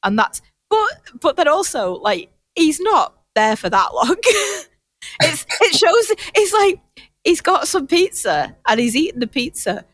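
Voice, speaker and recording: A woman's voice: high voice, big pitch swings, unhurried, fairly bright tone, no room sound. A woman co-hosting a podcast, chatting casually about films in a rambling way and laughing through her words. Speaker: podcast co-host.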